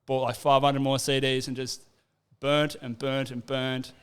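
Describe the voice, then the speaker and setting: A man's voice: mid-range voice, little pitch movement, a little slow, smooth. A young Australian man, a rapper guest on a podcast, telling stories in a profane, laid-back chat. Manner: profane, laid-back storytelling with acted-out quotes. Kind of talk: casual storytelling chat.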